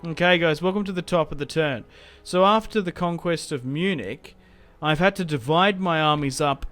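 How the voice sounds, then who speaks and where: A young man giving casual, rambling game commentary, self-mocking and prone to sudden excited outbursts. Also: fairly high pitch, normal speed. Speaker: gaming YouTuber. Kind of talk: casual Let's Play commentary. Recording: game music playing faintly behind.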